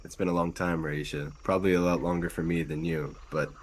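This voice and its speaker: Man playing a rugged warrior archer, gruff, easygoing, very deep voice, tabletop game. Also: fairly even intonation, brisk, slight background noise, close to an everyday voice. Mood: calm.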